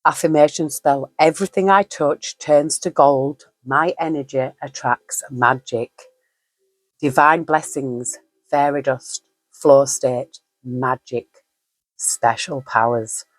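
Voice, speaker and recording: A woman's voice: rumbling low, slow pace, no echo. A woman giving a casual spoken tarot reading, chatty and musing, with frequent fillers and easy laughs. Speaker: tarot reader.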